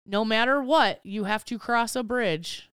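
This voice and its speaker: Blunt, very smooth-voiced woman co-host. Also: a little high, unhurried, fairly bright tone, no room sound, studio quality. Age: adult, married. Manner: blunt, laughing, swears casually. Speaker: podcast co-host. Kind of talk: casual chat.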